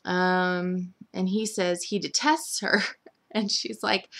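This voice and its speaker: A woman's voice: medium pitch, fairly even intonation, measured pace, gravelly. A young woman chattily recapping a soap opera week, full of "like" and "um" fillers, briefly mimicking the characters. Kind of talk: casual recap chat.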